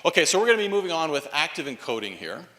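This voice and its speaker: A man lecturing in a university hall, his bright voice ringing with a long echo. He talks with lively ups and downs, tags points with quick checks, and coaxes replies from the room. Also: fairly high pitch. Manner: animated, frequent "right?" tags, coaxes audience responses.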